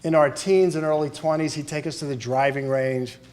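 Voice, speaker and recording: A man's voice: fairly high pitch, fairly even intonation, moderate pace. Middle-aged man telling fond eulogy stories. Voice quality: warm storytelling, chuckles through stories. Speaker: son giving a eulogy. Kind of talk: eulogy with humorous anecdotes. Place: funeral chapel.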